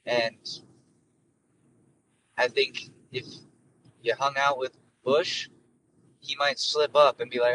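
A man's voice: medium pitch, steady tone, slow pace, long pauses, fairly bright tone, recorded from a distance, rough recording. Brief: man, 20s, rambling solo-podcast host, profane and jokey, slightly off-mic with faint noise. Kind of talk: casual solo monologue.

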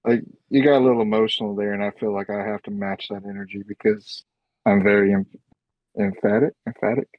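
Man guest, low and flat, rambling, dull lo-fi dry sound. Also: fairly quick, dry recording. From Oklahoma. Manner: rambling, gropes for words. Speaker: podcast guest. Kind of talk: casual chat. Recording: muffled lo-fi sound.

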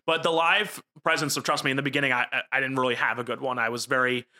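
A young man with a New Jersey accent, a local TV reporter talking casually about his work in quick, animated stories full of fillers. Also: mid-range voice. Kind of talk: casual podcast chat.

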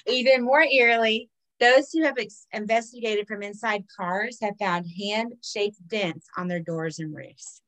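A woman's voice: medium pitch, a little slow, hardly any pauses, a bit bright, rough recording. A woman who reads folk legends aloud on a podcast. She swears freely and breaks off to riff on each story. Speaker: podcast co-host telling folklore stories. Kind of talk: casual storytelling chat.

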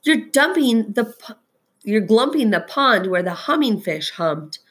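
A woman voicing a small, cranky male forest creature in a storybook reading, scolding and reproachful in a raised, husky voice. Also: fairly low pitch, lively intonation, takes it slowly, exaggerated voice. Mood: indignant. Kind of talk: storybook read-aloud.

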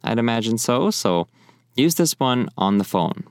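A young man teaching in a friendly, casual way, often repeating phrases slowly. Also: medium pitch, very animated, clear, resonant tone, no room sound, clean studio sound. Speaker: language teacher. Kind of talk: casual spoken lesson.

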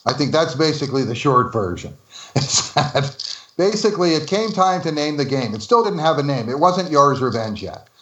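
This interview guest, a New Jersey man who used to develop games, leans high in pitch and sounds expressive and fairly bright at a moderate pace. He spins casual stories, breaking into frequent laughter and performing the quoted dialogue, all in an echoey room.

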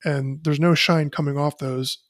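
A man's voice: on the high side, fairly even intonation, a little slow, no echo, studio quality. A man in his thirties co-hosting a casual sports podcast, enthusiastic and peppering his talk with "like". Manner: enthusiastic, frequent "like" fillers. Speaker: podcast co-host.

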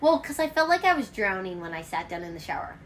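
A loud crowd surrounds this woman, whose mid-range voice moves quickly as she hosts a casual home chat, rambling through animated stories stuffed with fillers.

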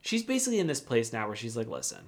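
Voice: medium pitch, big pitch swings, racing. A podcast co-host recapping a reality show in casual, sarcastic, ranting chat.

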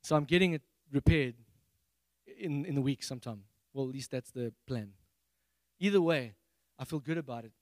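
A man from Africa, preaching a sermon on a handheld mic and acting out prayers in a high, excited voice. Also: moderate pace, dry recording. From South Africa. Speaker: pastor.

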